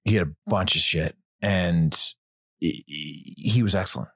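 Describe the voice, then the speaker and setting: A man, an actor guest on a podcast, telling stories in a loose, animated way, swearing freely and often restarting his sentences. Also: sits low, a little slow, vocal fry, no room sound, studio quality. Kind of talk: casual podcast chat.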